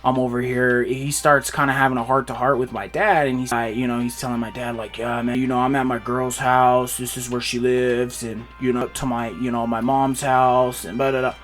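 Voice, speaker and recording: A man's voice: mid-range voice, moderate pace, few pauses, faint music behind. Young man telling a wild story. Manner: animated retelling with voiced quotes. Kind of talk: casual storytime.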